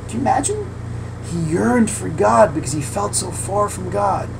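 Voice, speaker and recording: A man, a rabbi, teaching an informal lesson in a lively, slangy way that often builds to loud fervor. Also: high voice, gravelly, noisy background. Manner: animated, heavy slang, quick asides, rising to loud fervor.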